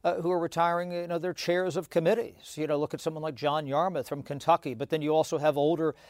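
A man explaining politics as a guest analyst, talking quickly with stammered restarts and many "you know" fillers. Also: on the high side, flat delivery, darkish tone, no room sound, studio quality.

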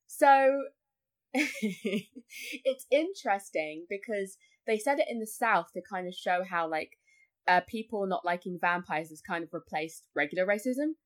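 A woman's voice: mid-range voice, expressive, unhurried. A woman talking as a guest on a podcast in casual chat. She fills her talk with "like" and often acts out other people's voices. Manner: chatty, full of likes, acts out voices.

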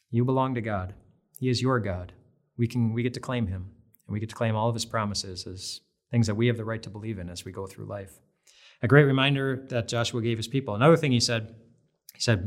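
A man giving a devotional sermon, earnest and conversational, often restarting his phrases. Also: lowish voice. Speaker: pastor.

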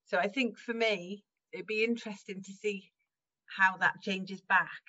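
A woman's voice: mid-range voice, steady tone, a little slow, pushed and bright, lo-fi sound. Middle-aged woman, laughing guest. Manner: laughs often while talking. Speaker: guest, improv performer. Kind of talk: casual conversational interview.

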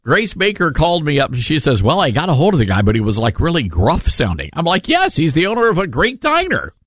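A man hosting a talk radio show, giving casual opinion commentary in an animated, sarcastic way with rambling asides. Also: a little high, quick pace, breathy edge, no room sound, studio quality.

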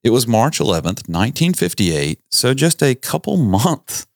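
A man's voice: medium pitch, very animated, normal speed, no room sound, clean studio sound. A man, hosting a podcast and telling stories in a folksy, jokey manner. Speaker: podcast host. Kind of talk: casual storytelling chat.

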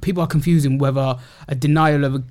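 A young man, chatting quickly and with strong opinions as a podcast co-host about football. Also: on the high side, fairly even intonation, a little mellow. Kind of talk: casual football chat.

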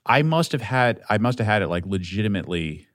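A man hosting a solo podcast, rambling and swearing freely, self-deprecating, swinging between loud outbursts and low mumbling. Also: lively intonation, a little fast, no echo, studio quality. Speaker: podcast host.

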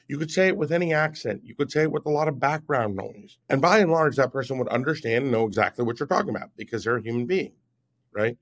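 A man in his fifties talks as a guest on an interview show. He explains things in an emphatic, step-by-step way and often checks in with "right?". His voice sits at a middle pitch. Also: fairly quick. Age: 50s. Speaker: guest, app founder. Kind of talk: podcast interview.

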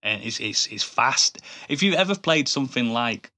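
An enthusiastic man chats casually as a podcast co-host, his voice bright and forceful. He rambles and restarts his sentences, piling on praise as he goes. His pitch sits in the middle. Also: animated, normal speed. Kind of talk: casual chat.

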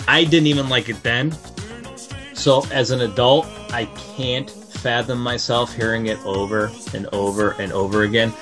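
A man's voice: medium pitch, a bit bright. A man giving a blunt, emphatic interview answer. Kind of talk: casual street interview answer.

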